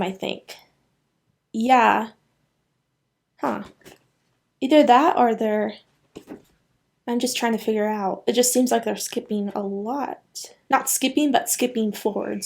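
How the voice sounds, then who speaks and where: A woman hosting an anime reaction video, talking casually in an excitable, rambling way with frequent laughs. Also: sits high. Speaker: anime reaction channel host.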